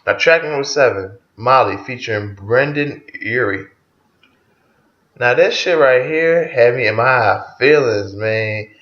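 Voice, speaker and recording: A man's voice: mid-range voice, unhurried. Male vlogger, mid-range voice, loose profane album-review chat; echoey room, muffled lo-fi recording. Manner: loose and profane, retelling songs track by track. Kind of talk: casual spoken album review.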